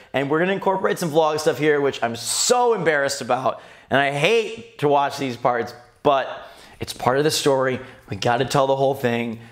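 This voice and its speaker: A gaming host looks back on his old videos in a loose, chatty tone. This man talks in a slightly high register and shoots even higher when something makes him laugh. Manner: animated, rising to high squeals when amused. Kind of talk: casual reflective commentary.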